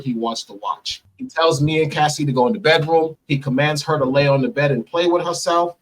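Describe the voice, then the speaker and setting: A man telling a long personal story as a podcast guest, casual and animated, jumping higher when he acts out what people said. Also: distant mic, poor audio. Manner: animated, acts out quotes with sudden jumps in pitch.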